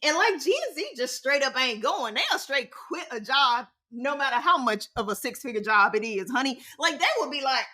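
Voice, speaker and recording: A woman in her forties hosts a casual solo podcast, her high voice expressive, bright and pushed, moving at a moderate pace with hardly any pauses. She talks in a sassy, slangy, emphatic way, her voice swinging widely.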